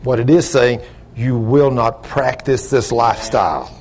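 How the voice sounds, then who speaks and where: An older man preaching a folksy sermon, talking loud and gruff, telling plain-spoken stories and asking the congregation questions. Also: mid-range voice, unhurried. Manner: loud, gruff, rising into shouts when acting out stories; plain-spoken, ungrammatical storytelling with audience questions.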